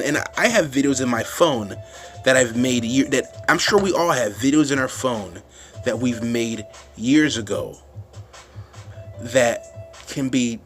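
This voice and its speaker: A man's voice: medium pitch, a bit bright. Man ranting into a phone camera, rambling and profane, faint music behind. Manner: rambling, restarts often, swears, gets fired up. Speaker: vlogger. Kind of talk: casual ranting monologue.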